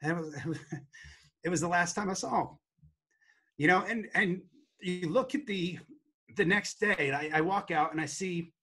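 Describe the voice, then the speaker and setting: A man's voice: high-pitched, normal speed, long pauses, pushed and bright, husky. A man telling an emotional story as a guest in an interview, earnest and acting out quotes from the past. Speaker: guest educator.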